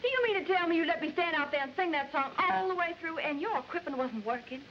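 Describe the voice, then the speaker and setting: Vain Southern diva singer, scheming and haughty; 1940s film style, lo-fi with hiss. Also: female voice, very high voice, expressive, quick pace. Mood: indignant. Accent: American Southern. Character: vain spoiled female singer, demanding and sly. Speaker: recording singer. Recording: dull old film soundtrack with hiss.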